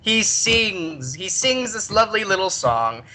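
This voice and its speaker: A podcast host telling a story in an animated chat, laughing often. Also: medium pitch, a little slow.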